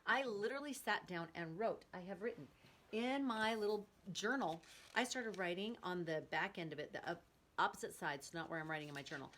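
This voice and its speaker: A middle-aged woman talks casually and earnestly about her day, her voice growing animated and excited as she tells it. Her pitch sits in the middle range. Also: a little hiss or hum. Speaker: host. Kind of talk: casual personal talk.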